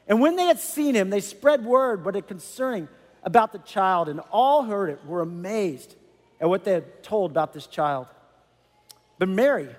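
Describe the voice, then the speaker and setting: A man preaching a sermon as a pastor, animated and conversational, with many asides to the congregation. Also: sits high, long reverb tail.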